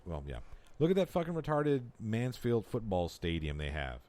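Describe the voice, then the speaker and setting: A man co-hosting a podcast, chatting fast and profanely, getting louder when he gets worked up. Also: lowish voice, big pitch swings, dry recording. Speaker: podcast co-host. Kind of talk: casual crude banter.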